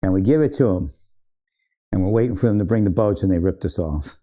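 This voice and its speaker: A man's voice: deep voice, a little fast, warm tone. Rambling man telling army stories. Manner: rambling, laughs often, self-correcting. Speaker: military veteran storyteller. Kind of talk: casual storytelling.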